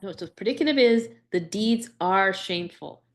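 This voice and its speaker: Gravelly-voiced woman teaching a class. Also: medium pitch, lively intonation, moderate pace. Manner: explains with frequent "right?" checks and restarts. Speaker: Greek teacher. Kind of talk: live class lesson.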